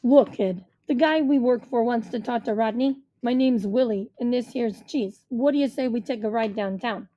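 A woman's voice: fairly high pitch, moderate pace, few pauses, no echo, dull audio, close to an everyday voice. A woman voicing a brash male gangster who uses tough-guy street slang in a storybook reading. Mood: pushy. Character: brash wisecracking male gangster in loud shirt.

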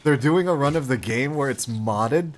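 A man's voice: mid-range voice, moderate pace, slight background noise. A man streaming a game while chatting casually, rambling and swearing now and then.

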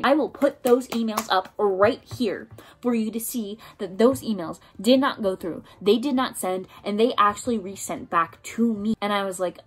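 A woman's voice: medium pitch, normal speed, slightly rough. A young woman ranting to camera in a vlog, angry and swearing as she reads out messages. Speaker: YouTuber.

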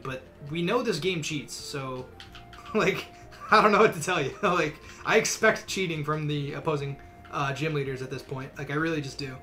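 A man's voice: fairly high pitch, bright, forceful tone. A young man giving casual, rambling commentary while streaming a game, with many fillers.

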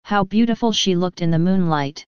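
Smooth low-voiced woman audiobook narrator. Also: normal speed, darkish tone, no room sound, highs cut off.

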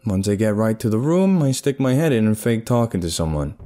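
A man narrating a dark first-person crime horror story in a casual, streetwise way. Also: lowish voice, lively intonation, a little fast, faint music behind.

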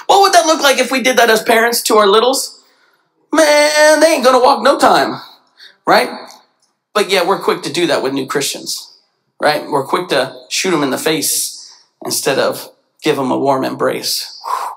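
A man preaching a sermon in a church, animated, often jumping into quoted voices. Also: measured pace, creaky, long pauses, poor audio. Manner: animated, acts out quoted voices with big pitch jumps. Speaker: pastor. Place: church sanctuary.

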